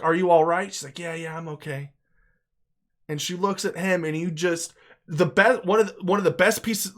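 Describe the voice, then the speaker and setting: A man giving an unscripted, casual movie review, talking in an excitable, emphatic way, swearing freely and repeating himself for emphasis. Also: on the high side.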